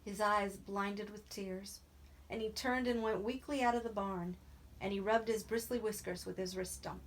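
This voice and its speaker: A woman reading a novel aloud in a steady, even narrating voice. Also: medium pitch, normal speed. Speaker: reader.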